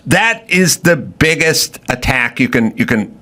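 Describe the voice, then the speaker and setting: A man's voice: mid-range voice, very animated, unhurried, sharp tone. A man hosting a podcast, ranting in blunt, profane and sarcastic commentary. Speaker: podcast host.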